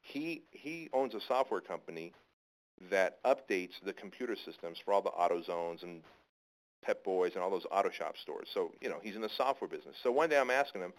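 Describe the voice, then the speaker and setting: Rambling, low-voiced male storyteller. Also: lively intonation, fairly quick, rough recording. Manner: rambling with frequent restarts. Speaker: interview guest. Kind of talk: casual storytelling.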